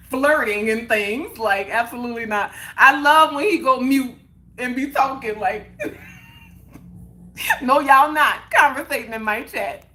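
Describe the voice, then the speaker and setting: A woman's voice: fairly high pitch, fairly bright tone. A woman hosting a live stream in casual chat, answering viewers and repeating her points for emphasis. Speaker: livestream host.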